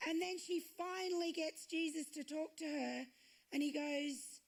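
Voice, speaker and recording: A woman's voice: high voice, unhurried. A woman pastor preaching a sermon, retelling stories and acting out the quoted lines.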